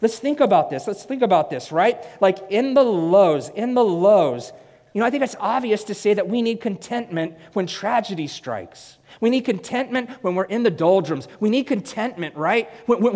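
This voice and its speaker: A man preaching a sermon in an emphatic way, repeating phrases and swinging from loud to hushed. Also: sits high, animated, moderate pace. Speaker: pastor. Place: church hall. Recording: long church-hall reverb.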